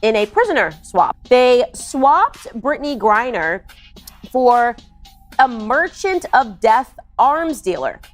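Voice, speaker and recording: A woman delivering a sarcastic, opinionated political monologue, mocking and quick to scoff. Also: fairly high pitch, very animated, soft background music. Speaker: political commentator.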